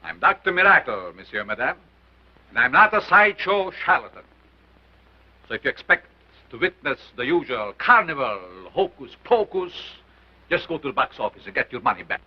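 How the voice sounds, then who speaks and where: Commanding mad doctor-showman, theatrical, lively swoops, dull old soundtrack. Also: medium pitch, moderate pace, breathy edge. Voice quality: accented, declamatory. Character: theatrical mad scientist showman, male, middle-aged, commanding. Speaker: carnival lecturer. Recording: dull 1930s film soundtrack.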